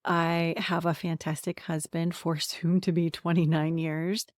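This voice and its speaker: This clip is a personal to-camera monologue by a forties-aged woman from central Pennsylvania, USA, who hosts a podcast and works as a coach. She sounds warm, candid and self-deprecating, chatting through lists in a lowish voice with a level tone and measured pace. There's no room sound, just clean studio audio.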